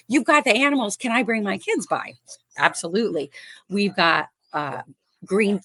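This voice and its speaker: A woman's voice: fairly low pitch, no echo. A woman from Chicago, a guest on a podcast, talking casually and chattily with lots of fillers. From Chicago, USA. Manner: chatty and warm, laughs often, many fillers. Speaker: podcast guest, animal rescuer. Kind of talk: casual interview chat.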